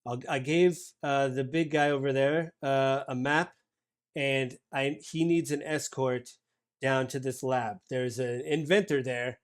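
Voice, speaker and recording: A man's voice: medium pitch, steady tone, measured pace, smooth, close to an everyday voice. A man voicing a flustered female shopkeeper and potion maker who stammers and keeps asking the listener to hang on.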